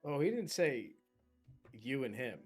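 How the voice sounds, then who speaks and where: Man, tabletop game player, teasing, lively pitch, soft music behind. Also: measured pace, husky. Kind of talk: casual tabletop game play.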